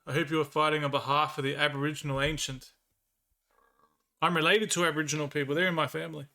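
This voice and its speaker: On the high side with a level, sharp tone, this young Victorian-accented Australian talks fast. He's a livestreamer chatting casually with his viewers, often laughing and sounding bemused.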